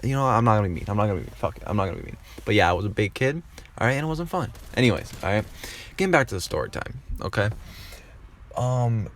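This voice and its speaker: A man telling a casual storytime vlog. He rambles, swears freely and leans on fillers and restarts. His voice sits somewhat low. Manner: rambling, profane, lots of filler. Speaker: YouTuber.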